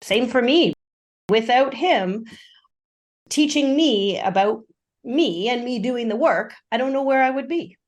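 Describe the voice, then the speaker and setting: A woman hosting a podcast, chatting casually and quickly nudging her guest along. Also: fairly high pitch. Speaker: podcast host. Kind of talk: casual interview chat.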